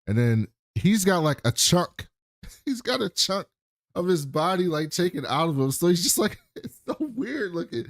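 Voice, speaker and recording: A man's voice: high voice, very animated, normal speed, no echo, studio quality. A man co-hosting a podcast, casually and animatedly retelling a TV episode, often laughing. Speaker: podcast co-host. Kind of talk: casual TV recap chat.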